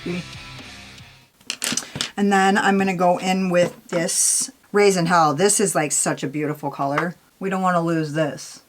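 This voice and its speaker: A woman's voice: lowish voice, steady tone, a little slow, faint music behind. A young woman vlogging a makeup tutorial in a chatty, candid way, swearing casually and saying "like" a lot. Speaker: beauty vlogger.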